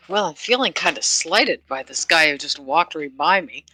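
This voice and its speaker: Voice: mid-range voice, lively intonation, unhurried, pushed and bright, slightly rough, faint music behind. A player in a tabletop game, talking casually and dropping wry, joking asides.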